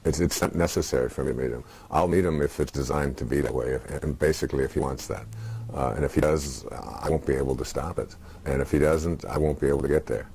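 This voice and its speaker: Man, sixties, very low voice, dark warm tone, reflective interview guest, halting with fillers. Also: fairly even intonation, creaky, a little hiss or hum. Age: 60s. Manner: soft-spoken, halting, with many fillers.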